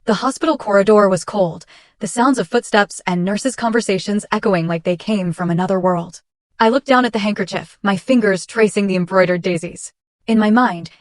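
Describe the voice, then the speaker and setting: A woman reading a first-person story as scripted narration, in a steady, measured way. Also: medium pitch, no room sound, studio quality.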